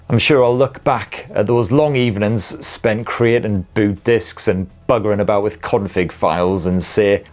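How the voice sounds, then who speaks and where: A man in his forties with a lowish voice hosts a tech show. He reads out viewer comments and riffs on them with sweary, self-deprecating humour. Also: darkish tone. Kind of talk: live stream chat reading viewer comments.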